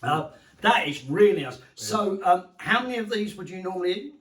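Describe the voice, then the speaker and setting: A man's voice: high-pitched, animated, moderate pace, a bit bright. A man co-hosting a pastors' podcast, teasing his guest with playful questions. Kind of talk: casual podcast chat. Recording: roomy, distant mic.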